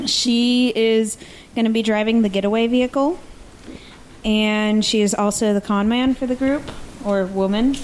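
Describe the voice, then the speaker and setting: A woman introducing her tabletop character in a plain, unhurried way. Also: on the high side, steady tone, darkish tone, slight background noise, low-quality recording. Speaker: tabletop game player.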